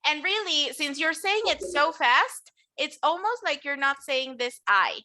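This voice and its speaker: A woman's voice: high voice, animated, unhurried, pushed and bright. A woman teaching an English class, modeling words for the students to repeat and encouraging them. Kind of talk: classroom lesson.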